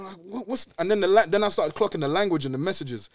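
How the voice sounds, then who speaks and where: Fast-talking young man. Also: high voice. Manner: animated, slangy, says "bruv" constantly, acts out dialogue. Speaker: podcast guest. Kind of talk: casual storytelling chat.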